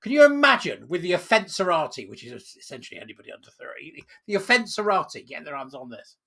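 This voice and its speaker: A man's voice: fairly high pitch, very animated, quick pace, gravelly, bright, forceful tone. A man giving sarcastic, indignant solo commentary, full of rhetorical questions. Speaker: political commentary host.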